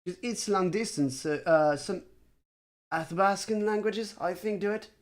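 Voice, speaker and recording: Livestream chat, conlang streamer, thinking aloud, hesitant fillers, deadpan self-mockery. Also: medium pitch, a little slow. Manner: dry, self-mocking humor; talks to chat viewers. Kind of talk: casual livestream chat while working.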